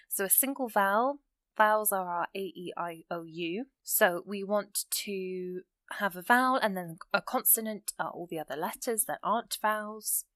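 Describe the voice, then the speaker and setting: A woman gives an English grammar lesson. She talks through each rule patiently and slows down for the example sentences. Her voice sits in a middle pitch and sounds close and dry. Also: a bit bright, dry recording. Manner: explains step by step, reads example sentences slowly. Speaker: English teacher.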